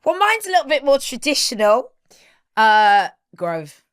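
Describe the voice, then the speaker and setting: A woman co-hosting a podcast, reacting with excitable, sweary enthusiasm. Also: high voice, unhurried, clean tone. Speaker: podcast co-host. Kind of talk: casual chat.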